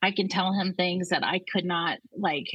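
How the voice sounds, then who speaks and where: Husky-voiced woman, blunt and profane. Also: lowish voice, fairly even intonation, moderate pace, fairly bright tone, dry recording, lo-fi sound. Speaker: comedian guest. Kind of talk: casual chat.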